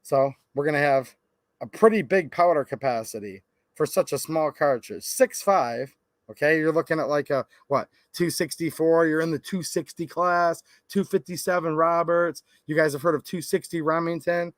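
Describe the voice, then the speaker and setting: A man's voice: a little high, normal speed, no echo. A man hosting a gun channel, venting and chatting casually with lots of "like", in his thirties. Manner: rambling, laid-back, lots of "like".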